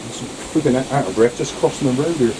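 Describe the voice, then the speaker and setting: Chatting casually outdoors, a British vlogger mutters to himself and his dog. His voice is medium in pitch and quick, with background noise behind it.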